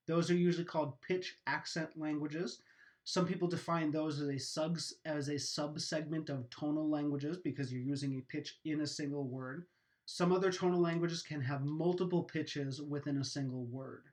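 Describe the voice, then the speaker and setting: A man with a slightly raised voice delivers an educational lecture. He explains patiently and methodically, occasionally pausing on a filler before moving on. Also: a little high.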